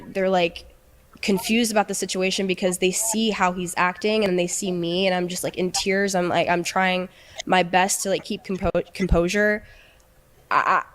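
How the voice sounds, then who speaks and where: Young woman, mid-pitch voice, halting speech, restarts and fillers, earnest, subdued, emotional personal story. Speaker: interviewee recounting a relationship.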